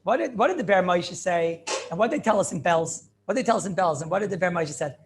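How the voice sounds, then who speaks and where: Animated rabbi, high gravelly voice. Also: male voice, fast talker, music in the background. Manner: animated questioning, answers his own questions, repeats phrases. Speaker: rabbi teaching a class. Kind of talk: Talmudic class lecture with back-and-forth questions.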